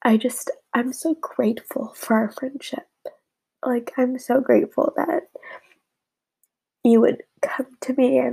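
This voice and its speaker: A young woman rambling through a casual, emotional message to her friends, often dropping her voice low. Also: steady tone, a little slow, creaky, mellow, slightly rough, rough recording. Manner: rambling, emotional, drops to a whisper at times.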